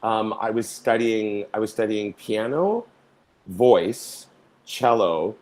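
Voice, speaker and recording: A man's voice: lowish voice, animated, slow pace, darkish tone. A middle-aged man from Canada, a stage performer being interviewed, who tells his stories theatrically, acting out voices and singing lines. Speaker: guest performer. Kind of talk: storytelling interview talk.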